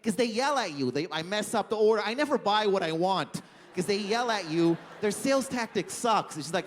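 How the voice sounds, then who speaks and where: A young man from Canada performing stand-up on a comedy club stage. He rambles and mocks himself, stuffing every sentence with fillers, in a fairly high voice. His handheld mic picks up a long hall reverb and faint room noise. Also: lively intonation, fairly quick. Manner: rambling, lots of "like", self-deprecating.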